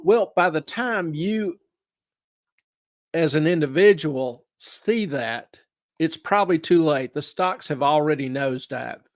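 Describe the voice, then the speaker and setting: A man's voice: on the high side, lively intonation, unhurried, no echo, studio quality. A man hosting a money show, explaining investing in a folksy way by asking questions and answering them himself. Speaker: show host, investment adviser. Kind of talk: explaining investing in a studio chat.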